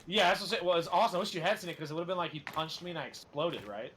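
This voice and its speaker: A man's voice: on the high side, very fast. A young man hosts a gameplay stream in a slightly raised voice, chatting loosely and rambling through long jokes with plenty of "like" and "uh". A faint hiss sits under his voice. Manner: rambling joke-telling with many fillers. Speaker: gaming streamer host. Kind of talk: casual chat while playing.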